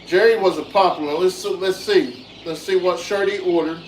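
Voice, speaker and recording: A man hosting a casual farm vlog outdoors, chatting with viewers and talking softly to his animals. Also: high voice, steady tone, normal speed. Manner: easygoing, soothes animals softly. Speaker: farm channel host. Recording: echoey with loud outdoor noise.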